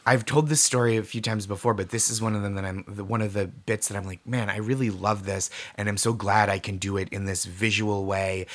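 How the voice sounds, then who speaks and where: A man being interviewed, telling warm, animated personal anecdotes with laughing asides. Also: lowish voice, brisk, few pauses. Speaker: comedian guest. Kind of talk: interview storytelling.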